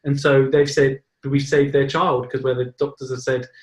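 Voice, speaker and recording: A man's voice: mid-range voice, little pitch movement, normal speed, echoey room. An English man hosting an interview who talks in a rambling, casual way, with many restarts and some swearing. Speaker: podcast host.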